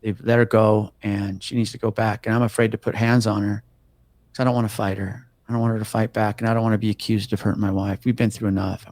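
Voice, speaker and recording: A fairly low-voiced middle-aged policeman talks quickly, recorded dry with clean studio sound. Casually interviewed, he relates a story with plenty of cursing, acting out each person's voice with animation.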